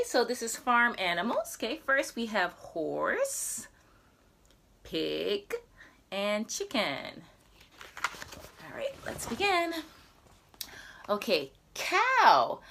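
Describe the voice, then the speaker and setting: A woman, an English teacher, reading a picture book aloud slowly and clearly for young children in a sing-song way. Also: medium pitch, sharp tone, slight background noise.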